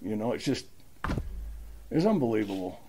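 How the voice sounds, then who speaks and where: A man's voice: lowish voice, big pitch swings, moderate pace, dark tone, slight background noise. An older man stands before a meeting and tells his recovery story in a folksy, plainspoken way. His talk is heartfelt and unpolished, full of everyday words. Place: meeting room.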